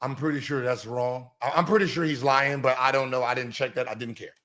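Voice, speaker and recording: A man's voice: medium pitch, steady tone, a little fast. A man hosting a reaction show, commenting casually and mockingly on video clips. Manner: mocking, loud, laughing and shouting at times.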